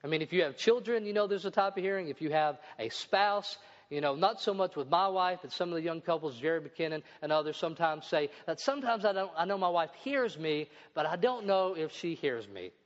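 A man's voice: on the high side, expressive, fairly quick. A middle-aged male pastor preaching a sermon in a church, reading scripture aloud and adding his own asides. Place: church building. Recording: dull sound with long hall reverb.

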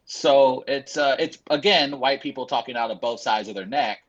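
A man co-hosting a casual podcast debate, halting and restarting as he reads out quotes. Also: mid-range voice, lo-fi sound. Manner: halting, full of restarts while reading quotes. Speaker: podcast co-host arguing a case.

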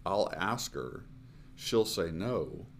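A man in his fifties, a missionary guest telling his story in a conversational interview, earnest and halting, with frequent fillers and restarts. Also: sits low, expressive, gravelly, slight background noise.

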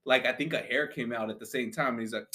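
A man's voice: medium pitch, fast, bright, forceful tone. Rambling young man with a profane story. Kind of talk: casual storytelling among friends.

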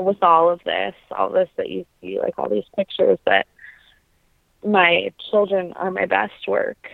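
A woman in her thirties speaks earnestly and reflectively, often pausing with ums. Her voice has a gravelly edge. The sound is dry and tinny, like a phone line. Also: medium pitch, no room sound. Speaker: podcast guest, opera singer. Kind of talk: conversational interview.

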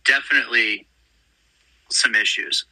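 A young man from Texas chatting on a podcast in an easy, jokey way. His voice is very bright and a little husky. It sounds like a radio-style podcast recording. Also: medium pitch, steady tone, a little slow, no room sound, poor audio. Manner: laid-back, jokey storytelling. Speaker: podcast co-host. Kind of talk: casual chat.

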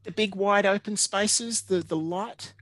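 A man in his fifties with an Australian accent speaks in a high voice at a measured pace, telling stories from his working life as an interview guest. He's animated, laughs often and acts out what other people said in this casual storytelling interview. The audio has no echo, with faint music behind him.

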